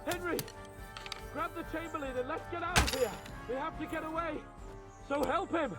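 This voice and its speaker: A man voicing a hot-headed, foul-mouthed young nobleman in a video game, shouting orders in battle. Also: very high-pitched, normal speed, over loud music. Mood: frantic. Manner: shouting, swearing. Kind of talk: video game cutscene and combat acting.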